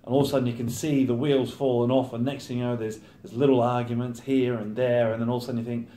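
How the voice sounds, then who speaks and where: Chatty footballer in a roomy space. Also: male voice, medium pitch, flat delivery, fast talker, mellow. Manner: chatty, acts out teammates' banter. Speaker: professional footballer. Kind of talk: casual interview chat. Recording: roomy echo.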